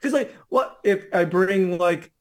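A man with a somewhat high voice co-hosting a relaxed podcast. He talks in a loose, conversational way and fills his sentences with filler words. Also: unhurried. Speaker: podcast co-host. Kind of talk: casual chat.

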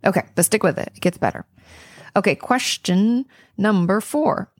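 A woman's voice: medium pitch, moderate pace, dry recording, clean studio sound. A woman therapist answering listener questions in a casual, earnest, encouraging way, with frequent ums and restarts. She sounds tired. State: tired and yawning. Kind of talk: casual advice monologue.

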